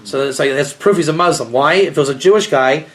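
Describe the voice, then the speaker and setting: High-pitched rabbi guy rambling and joking thru an informal talk, keeps asking the room stuff. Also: fast talker. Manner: rambling, joking, animated, asks the audience questions. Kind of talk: informal lecture to a small group.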